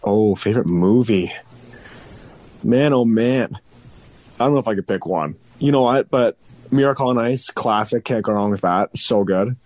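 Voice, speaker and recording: A man's voice: on the low side, normal speed, darkish tone, no room sound. A young man with a Canadian accent, a hockey player guesting on a podcast, talking in an easygoing, laughing, self-deprecating way. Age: young adult. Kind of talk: casual podcast interview.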